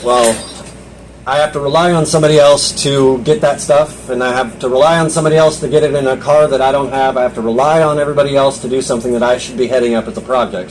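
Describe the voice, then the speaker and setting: A man's voice: medium pitch, darkish tone, slight background noise, rough recording. A young man giving a personal testimony at a Bible study, talking earnestly in a loose conversational way, often restarting and voicing his own inner thoughts.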